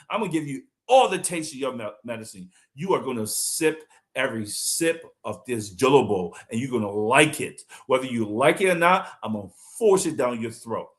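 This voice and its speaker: A man's voice: medium pitch, a bit bright. Fiery, combative male political commentator. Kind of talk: live-streamed political talk.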